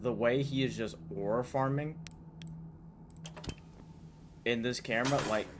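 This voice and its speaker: A young man doing casual gameplay commentary on a horror game, excitable and swearing a lot as he talks to himself. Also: medium pitch, measured pace. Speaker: gaming YouTuber. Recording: noisy game audio.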